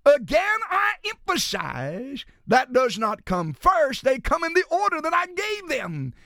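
A man preaching a sermon as a pastor, rising into shouts and then dropping low and slow. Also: vocal fry, dry recording, studio quality.

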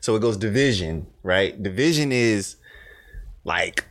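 A man's voice: fairly low pitch, animated, unhurried, a bit bright, no echo, studio quality. A young man co-hosting a podcast, telling stories loosely with lots of slang in casual chat. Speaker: podcast co-host.

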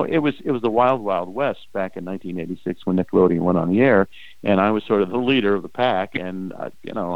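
An older man and former game show host, telling animated anecdotes in a casual interview, often acting out quoted voices. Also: lowish voice, no room sound, narrow, tinny audio.

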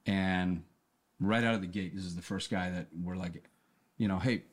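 Man, very low voice, earnest storyteller, casual podcast talk, restarts often. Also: fairly even intonation, normal speed. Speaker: podcast guest. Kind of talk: casual conversation.

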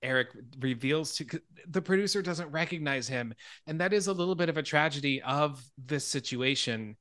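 A man hosting a podcast in casual chat, retelling a film scene in an animated way and laughing along. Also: a little high, normal speed, dry recording. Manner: animated storyteller, laughs and swears freely. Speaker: podcast host.

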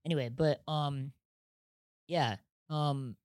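A man's voice: fairly high pitch, a little mellow, no room sound. Young male guest from Nebraska, chatty and rambling, dry close mic. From Nebraska, USA. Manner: rambling storyteller, quick self-interruptions. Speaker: podcast guest. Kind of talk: casual chat.

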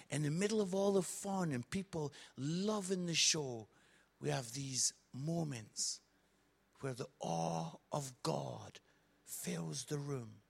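Gravelly man preaching with fervor. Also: on the high side. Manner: swings from hushed reflection to shouting excitement. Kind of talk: sermon with comic storytelling.

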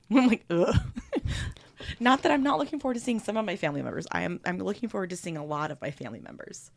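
A woman co-hosting a podcast, chatting casually in an excitable, giggly way. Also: medium pitch, fast, vocal fry. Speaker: podcast co-host. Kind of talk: casual chat.

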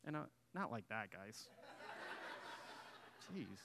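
A man's voice: fairly low pitch, very animated, takes it slowly, vocal fry, background noise. A man in his thirties preaching to a church congregation, telling a personal story in a conversational, self-deprecating way and joking with the people in the pews. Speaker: guest pastor. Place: church sanctuary.

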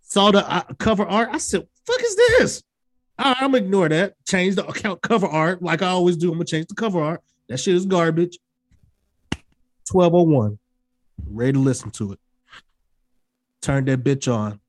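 A woman co-hosting a podcast, giving her take in casual chat; she is emphatic and profane, and she acts out her own reactions in sudden high yelps. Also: fairly quick, long pauses. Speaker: podcast co-host. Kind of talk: casual music review chat.

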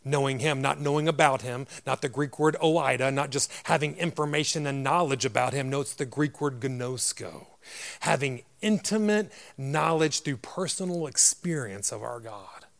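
A man delivers a sermon in a loud, grumbly voice with a gravelly edge. He speaks directly and emphatically to the congregation. He keeps asking rhetorical questions and answers them himself. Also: mid-range voice, normal speed. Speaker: pastor.

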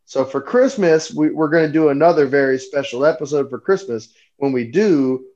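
A man from North Carolina co-hosting a live podcast, loud and profane, talking over the others in casual banter. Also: on the high side, animated, moderate pace, muffled recording. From North Carolina, USA. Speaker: podcast co-host.

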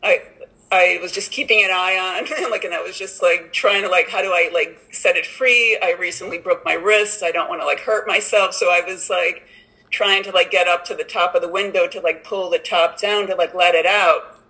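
A woman's voice: fairly low pitch, steady tone, normal speed, pushed and bright, rough recording. A woman sharing at an online recovery meeting in a rambling, casual way, full of "like" and "you know". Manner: rambling, many "like" and "you know" fillers, laughs often.

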